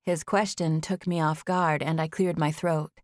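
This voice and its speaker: A woman tells a story in the first person as an audiobook narrator, steady and intimate. Her voice sits fairly low. It is recorded close in a dry booth with no room sound. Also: normal speed, no room sound.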